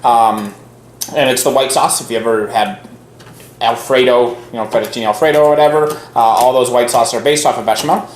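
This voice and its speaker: A man's voice: medium pitch, steady tone, brisk. Man, medium voice, casual cooking explainer, jokey, echoey kitchen. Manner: joking, explains cooking terms, hesitant fillers. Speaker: cooking show co-host. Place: home kitchen. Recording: echoey kitchen with faint noise.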